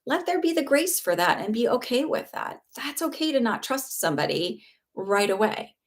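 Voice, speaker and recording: A woman's voice: a little high, big pitch swings, moderate pace. Earnest woman giving spiritual advice live. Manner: earnest, reassuring, rambling with fillers and restarts. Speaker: spiritual teacher and psychic reader. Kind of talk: casual live-stream talk.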